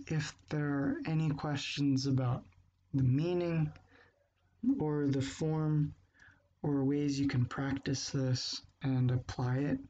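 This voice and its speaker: A man gives a patient grammar lesson, saying his example phrases slowly and repeating them. His voice is soft and mellow, and his pace is unhurried. The recording sounds dull and lo-fi. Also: mid-range voice. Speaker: language teacher. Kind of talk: explaining grammar step by step.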